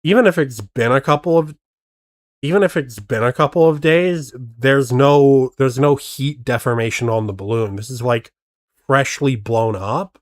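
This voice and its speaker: A man's voice: mid-range voice, moderate pace, no echo, clean studio sound. A man streaming casual reaction commentary, skeptically picking apart how a video was faked. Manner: skeptical, picks apart tricks.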